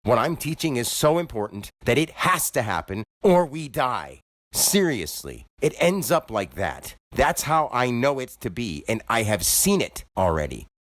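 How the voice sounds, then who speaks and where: A man's voice: mid-range voice, sing-song, measured pace, a bit bright, dry recording. A man working as a store clerk, ranting to camera in an agitated, preachy way, his voice climbing as he gets worked up.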